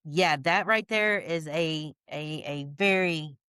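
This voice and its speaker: Lively woman guest telling a story. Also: deep voice, slow, clean tone, dry recording, clean studio sound. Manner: lively, folksy, talks in bursts with restarts. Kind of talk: animated storytelling chat.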